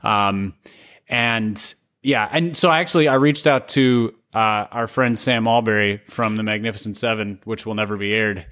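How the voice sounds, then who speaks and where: A man's voice: on the low side, normal speed, fairly bright tone. A man co-hosting a podcast in casual chat, talking in hesitant stops and restarts with a wry edge. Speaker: podcast co-host.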